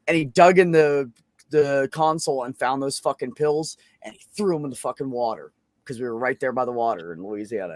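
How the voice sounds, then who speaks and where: A man's voice: medium pitch, fast talker, no echo. A man hosting an open mic video call, telling a long story casually, swearing often and rambling with lots of fillers. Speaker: open mic show host. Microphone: computer microphone on a video call.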